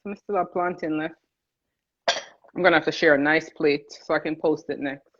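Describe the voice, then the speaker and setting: A woman's voice: low-pitched, steady tone, normal speed, fairly bright tone. A woman from Jamaica with a Jamaican accent, chatting casually and laughing while she cooks on a livestream, greeting viewers by name. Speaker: cooking livestream host. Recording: dull lo-fi livestream audio.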